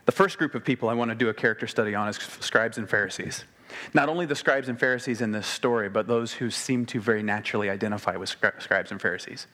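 A man preaching a sermon in a conversational way, slowing to quiet emphasis and then speeding up when animated. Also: on the low side. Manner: conversational, shifts between slow quiet emphasis and quick animated delivery.

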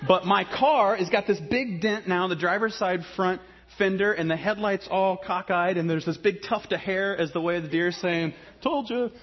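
A man from Ohio preaching a sermon, mixing humorous storytelling with quiet, earnest passages. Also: high-pitched, fairly even intonation, normal speed, muffled recording. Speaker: pastor.

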